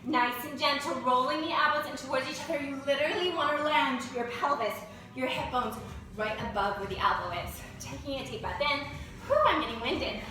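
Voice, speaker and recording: Brisk, bright and forceful, this high-pitched female voice leads an indoor yoga class through poses and breathing with encouraging cues. The recording sounds distant and very echoey.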